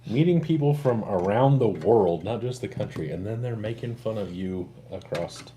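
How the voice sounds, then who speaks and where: A man co-hosting a casual livestream chat, joking around and jumping into loud, animated bursts. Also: lowish voice, moderate pace, noisy background. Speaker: co-host of a livestream.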